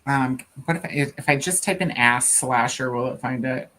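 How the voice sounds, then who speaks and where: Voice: medium pitch, normal speed, pushed and bright. A co-host with a Southern US accent chats casually on a live reading stream, laughing often and reading viewer comments aloud. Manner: giggly and playful, drawling, laughs often.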